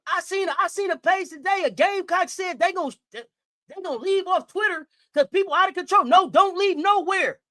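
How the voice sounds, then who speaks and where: A woman hosting a sports livestream, delivering a profane, confrontational rant with repeated challenges and shouted bursts. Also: extremely high pitch, a little fast, no room sound, studio quality.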